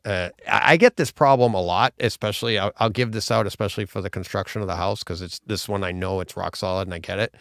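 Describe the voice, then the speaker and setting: A man's voice: on the low side, quick pace, few pauses, a bit bright, dry recording, studio quality. A man co-hosting a live-streamed podcast, chatting casually in a rambling, self-deprecating way and laughing often. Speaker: podcast co-host.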